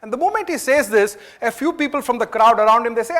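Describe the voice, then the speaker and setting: A man's voice: very high-pitched, rapid-fire, hardly any pauses, fairly bright tone. A man from India with an Indian English accent, giving a motivational talk at a management training event. He tells a story in a chatty way and asks the audience questions.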